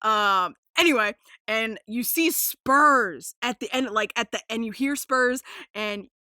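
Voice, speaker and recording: Bright, excitable young woman podcaster. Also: on the high side, unhurried, dry recording, studio quality. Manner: excitable, profane, rambling with fillers. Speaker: podcast host. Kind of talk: casual podcast chat.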